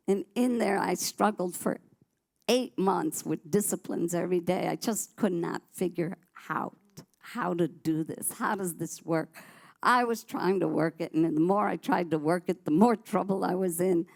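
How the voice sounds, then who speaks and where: A woman's voice: lowish voice, measured pace, vocal fry, darkish tone. A woman sharing her personal testimony on a church talk show, telling her story vividly and animatedly, often restarting her sentences.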